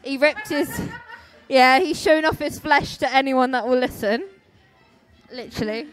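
A woman with a slightly high voice speaks slowly as a maid of honour, teasing and gushing into a camera. Faint music plays at the reception behind her. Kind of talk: casual chat to a wedding video booth.

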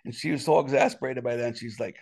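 A man's voice: vocal fry, husky. A man telling a personal story as an interview guest in a casual, rambling way, with sudden indignant rises in his voice. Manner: animated, quick jumps in pitch when indignant; rambling with many restarts and "you know".

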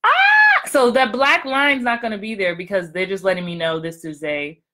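A woman acting coach talking to viewers in a casual livestream, excitable and upbeat. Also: mid-range voice, fairly quick, heavy background noise.

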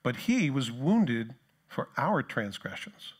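A man's voice: medium pitch, very animated, slow, slightly rough. A male pastor giving a conversational sermon, now and then acting out the taunts of a crowd in a voice of his own. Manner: conversational preaching, acts out mocking voices of the crowd.

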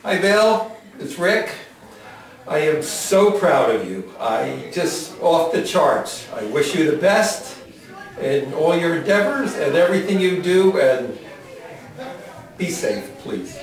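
A man, a church member, giving a loud, effusive recorded message. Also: fairly high pitch, big pitch swings, takes it slowly. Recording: echoey hall, mic far off.

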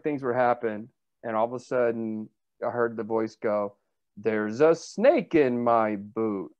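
In a dull, dry, lo-fi recording, an actor being interviewed spins casual stories, chatting and rambling with frequent fillers and restarts. His voice is mid-range with a darkish tone.

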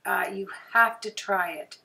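A woman with a hoarse, sore throat chatting through a crafting tutorial voice-over, often clearing her throat and apologizing. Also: medium pitch, a little slow, pushed and bright, far from the mic. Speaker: card-making crafter.

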